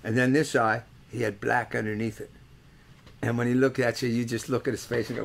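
A man's voice: mid-range voice, flat delivery, brisk, creaky, a little hiss or hum. An older man, a musician hosting a webcast, telling rambling, joking, earthy stories between songs. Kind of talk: casual storytelling between songs.

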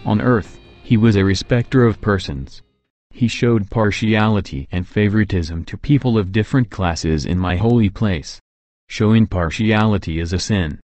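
A man voicing Jesus as a calm, fatherly guide, speaking gently and solemnly in a scripted reading. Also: on the low side, moderate pace, dry recording, faint music behind, lightly acted.

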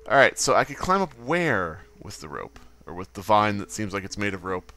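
A man's voice: lowish voice, big pitch swings, normal speed, pushed and bright, faint music behind. A man casually commenting on his own gameplay, goofy and swearing, with silly sound effects. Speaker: let's play host.

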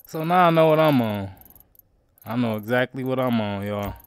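A man streaming a crime roleplay game, talking in character to his viewers in heavy slang and frequent swearing, swinging between low grumbles and loud outbursts. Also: lively intonation, moderate pace, smooth. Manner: slangy, swears a lot, keeps calling out to viewers.

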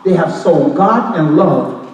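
This Pentecostal sermon comes from a high-voiced man who is animated but slow-paced, swinging passionately between shouts, half-song and loose street slang. The church sanctuary is large and echoing, and he is recorded from afar.

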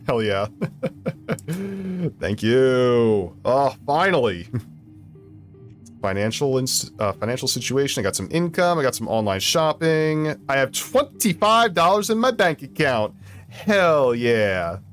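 A young man commenting on a game he plays, excitable and goofy, often laughing. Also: medium pitch, slow pace, faint music behind. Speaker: gaming video host. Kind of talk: let's play commentary.

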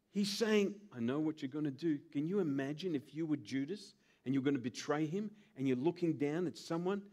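A male pastor preaching a sermon, acting out little scenes with voices. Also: a little high. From Australia. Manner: animated, acts out scenes with put-on voices.

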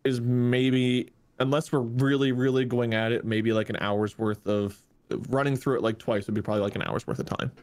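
A man's voice: mid-range voice, steady tone, moderate pace, darkish tone. A man co-hosting a casual gaming podcast, explaining things in a hesitant, rambling way with lots of fillers. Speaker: podcast co-host.

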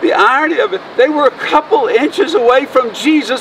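A man's voice: very high voice, fairly quick, a bit bright. A man preaching an Easter sermon outdoors as pastor, folksy and emotional, joking with his congregation. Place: outdoors by a road. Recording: distant mic, faint noise.

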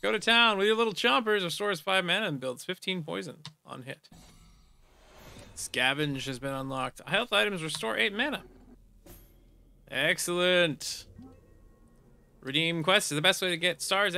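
A man's voice: high voice, lively intonation, moderate pace, creaky, pushed and bright, clean tone. A man casually commenting on a game he is playing, reading the on-screen text aloud and adding playful hums and silly sound effects. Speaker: gamer playing through a game. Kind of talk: casual let's play commentary.

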